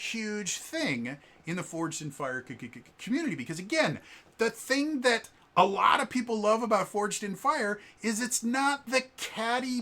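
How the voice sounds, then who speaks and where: Bright-voiced man telling a rambling story. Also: high-pitched. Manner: rambling, with many fillers and restarts; acts out quoted people. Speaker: vlog host. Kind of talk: casual storytelling.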